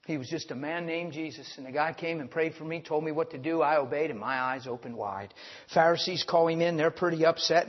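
A man preaching a sermon in a folksy, fast-talking way, chuckling and acting out the voices in the stories. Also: on the high side. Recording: muffled, echoing hall.

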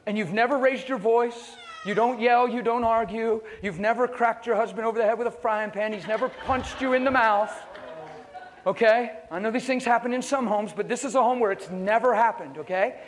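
A male pastor preaching a sermon with animated storytelling and rhetorical questions. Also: extremely high pitch, moderate pace, a little hiss or hum. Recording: long reverb of a large hall.

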